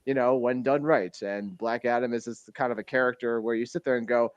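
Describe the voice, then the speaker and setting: A man with a mid-range voice and fairly even intonation talks fairly quickly; the audio is dull with no room sound. Co-hosting a casual podcast, he rambles, laughs a lot, and quotes lines in a put-on voice while recounting scenes.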